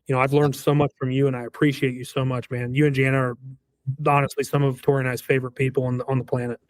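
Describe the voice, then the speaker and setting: A man's voice: medium pitch, level tone, fast, dry recording. Male guest, 30s, earnest storyteller, restarts often, dry sound. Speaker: guest, roofing business owner. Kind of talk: casual podcast chat.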